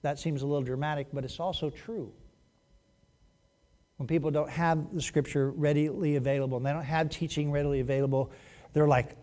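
A male pastor preaching a sermon in an animated, joking way, acting out quotes as he goes. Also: on the high side, fairly quick.

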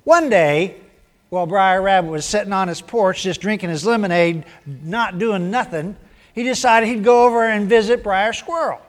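A male pastor gives a sermon and tells a tale in a folksy, down-home manner. His voice is fairly high, and he shifts pitch a lot as he narrates. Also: normal speed.

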